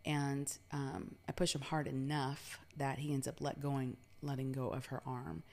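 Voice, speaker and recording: A woman's voice: rumbling low, flat delivery, measured pace, vocal fry, a little mellow. A woman from New York telling a personal story in a casual, chatty way, with lots of fillers and some swearing.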